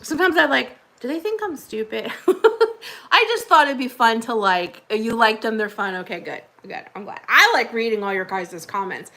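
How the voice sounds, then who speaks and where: A woman's voice: fairly high pitch, expressive, moderate pace, sharp tone. A woman hosting a casual livestream, chatting with viewers in a rambling way and laughing often. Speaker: livestream host.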